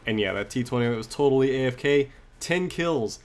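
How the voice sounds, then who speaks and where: Excitable man narrating gameplay. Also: mid-range voice, moderate pace. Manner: excited, rambling with fillers. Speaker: gaming commentator. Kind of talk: casual gameplay commentary.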